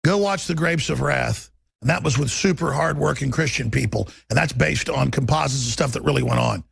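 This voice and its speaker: A man's voice: medium pitch, fairly quick, vocal fry, slightly rough, dry recording. A man with a Texas accent, hosting a radio talk show and ranting through a combative, sarcastic, rambling monologue.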